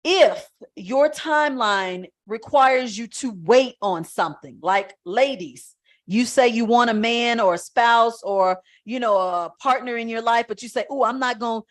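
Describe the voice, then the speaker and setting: A woman spiritual coach teaching on a live stream, talking in an emphatic, conversational way that gets loud at times. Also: a little high, unhurried.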